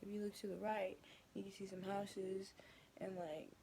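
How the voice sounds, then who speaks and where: A woman's voice: mid-range voice, level tone, moderate pace, gravelly, mellow, a little hiss or hum. A young woman chatting casually in her bedroom, telling a rambling story, swearing often and sometimes dropping into a whisper. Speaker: vlogger.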